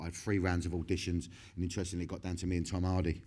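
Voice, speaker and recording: A man's voice: sits low, flat delivery, rapid-fire, few pauses, a little mellow. A middle-aged man, talking in a candid stage interview, swearing constantly, laughing often and restarting his sentences. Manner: profane, laughing, rambling with many restarts.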